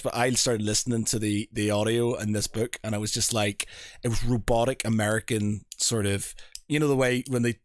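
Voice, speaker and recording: A man's voice: on the low side, little pitch movement, a little fast, no room sound, clean studio sound. A man hosting a podcast in casual chat, rambling and hunting for names, swearing now and then. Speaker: podcast host.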